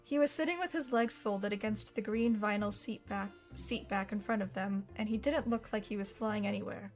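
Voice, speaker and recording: A woman's voice: mid-range voice, moderate pace, few pauses, soft background music. Woman narrating a children's novel. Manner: steady storytelling read. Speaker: audiobook narrator. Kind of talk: scripted narration.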